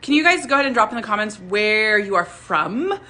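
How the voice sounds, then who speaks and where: Bright-voiced chatty young woman on a phone. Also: mid-range voice, sing-song, brisk, low-quality recording. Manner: chatty, rambling, many fillers and restarts. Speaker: vlogger. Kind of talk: casual live-stream chat. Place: home room lit by a ring light.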